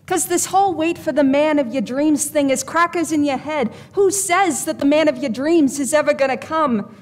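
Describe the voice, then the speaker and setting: A woman's voice: high-pitched, moderate pace, big-room sound, close to an everyday voice. A woman playing a blunt, wisecracking fake fortune teller in a stage play. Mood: impassioned.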